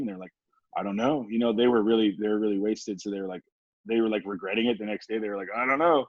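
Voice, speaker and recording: A man's voice: on the low side, fast talker, dry recording. Laid-back man telling stories. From Southern California. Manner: laid-back, laughing, swearing, many fillers like "like". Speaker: podcast guest, former football player. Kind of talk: casual storytelling. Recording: dull, dry podcast recording.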